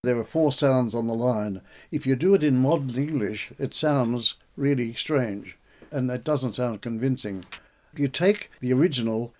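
A man's voice: medium pitch, measured pace, darkish tone. A man speaking in an interview about translating an old poem. He talks with animation and breaks into recited lines of verse. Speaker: poet and translator. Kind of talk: conversational interview.

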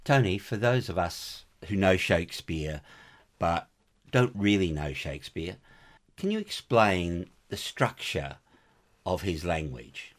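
A male radio interviewer asks a question in a low voice. He speaks slowly and deliberately. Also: lively intonation.

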